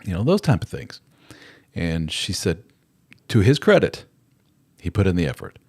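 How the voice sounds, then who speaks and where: A middle-aged man with a very low, deep voice hosts a live chat. He rambles conversationally and drifts easily into acted-out quotes. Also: darkish tone. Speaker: host. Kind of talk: live chat advice talk.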